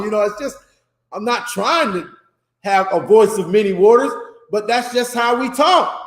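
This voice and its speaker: High-voiced man teaching in an echoey room. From Florida. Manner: loose, rambling, emphatic street talk. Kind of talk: informal religious teaching class.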